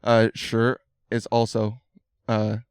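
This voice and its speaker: Male podcast guest, smooth clear tone, dry close sound, thoughtful and filler-heavy. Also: on the low side, completely flat delivery, darkish tone, no echo. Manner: thoughtful, explains slowly with many fillers. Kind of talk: casual conversation.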